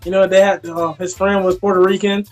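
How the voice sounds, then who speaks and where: A man co-hosting a casual movie review chat, animated and jumping way up in pitch when he quotes his own reactions. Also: fairly quick, faint music behind.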